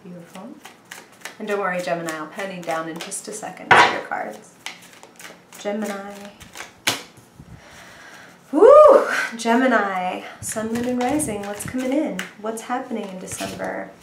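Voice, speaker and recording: A woman's voice: medium pitch, normal speed, reverberant, background noise. A woman reading tarot for viewers in a bubbly, chatty way, thinking aloud as she goes. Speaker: tarot reader. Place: indoor room with bright light.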